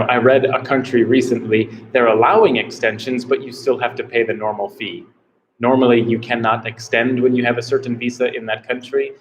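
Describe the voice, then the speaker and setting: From the United States, this man streams live from a small room as a travel vlogger answering questions. The audio is poor, with a little hiss or hum, and his mid-range voice rambles casually and uncertainly, repeating itself often.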